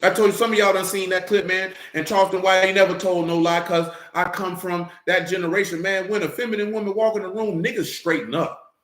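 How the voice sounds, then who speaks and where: A man's voice: high voice, steady tone, fairly quick, fairly bright tone. A man preaching in a casual, blunt way, with profanity and jokes mixed into his teaching. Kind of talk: casual sermon-style teaching. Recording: roomy echo.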